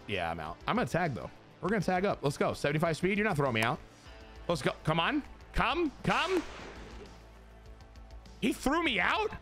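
Excitable man streaming a baseball game. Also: fairly high pitch. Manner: excitable, swears, talks to chat. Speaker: gaming streamer. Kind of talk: casual gameplay commentary.

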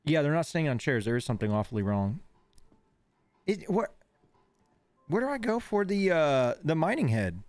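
A man's voice: on the high side, big pitch swings, normal speed, long pauses, a little mellow, no room sound, soft background music. A man streaming a game live, rambling and distracted, slightly lisping after dental work and on painkillers. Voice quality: slightly lisping from missing front teeth. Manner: rambling, easily distracted, giggly. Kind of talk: live gameplay commentary.

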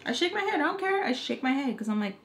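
A woman, a makeup artist and beauty vlogger, telling a casual story time with lively delivery, casual slang and the odd curse word. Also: sits high, fast talker.

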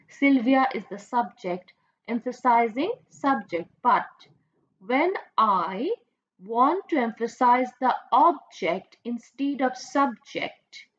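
Slow, patient Bangladeshi woman teacher. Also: on the high side, lo-fi sound. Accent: Bangladeshi English. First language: Bengali. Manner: slow, patient, asks questions and repeats points. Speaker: college English teacher. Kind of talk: recorded classroom lecture.

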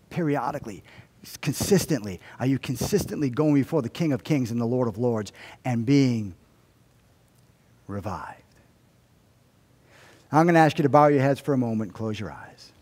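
A man's voice: medium pitch, husky, big-room sound. A man preaching a sermon as pastor, telling stories with humor and acting out the lines of people in them. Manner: animated storytelling with humor and acted-out quotes. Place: church sanctuary.

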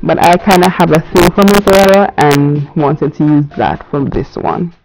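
A woman's voice: deep voice, normal speed, vocal fry, a little mellow, low-quality recording. A woman giving a casual cooking voice-over, chatty and talking straight to her viewers. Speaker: cooking channel host.

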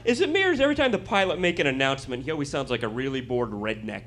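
A man performing a stand-up routine, telling a story in an animated way with quick asides. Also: medium pitch. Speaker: stand-up comedian.

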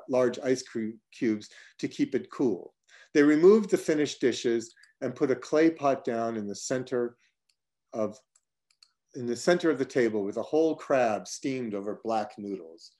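A man reading his own personal travel essay aloud, measured and slowing through long lists, breaking off now and then for casual asides. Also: medium pitch, warm tone. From United States (upstate New York).

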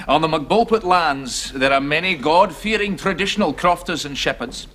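A florid Scottish solicitor. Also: male voice, fairly high pitch, animated, moderate pace, a bit bright. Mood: grandiose. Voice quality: formal, florid and long-winded. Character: pompous Scottish solicitor, middle-aged man. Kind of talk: 1980s sitcom acting.

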